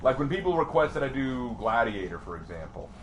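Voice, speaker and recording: A man streaming a fighting game live, commenting excitedly and taunting his opponents out loud. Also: medium pitch, fairly quick, a little hiss or hum.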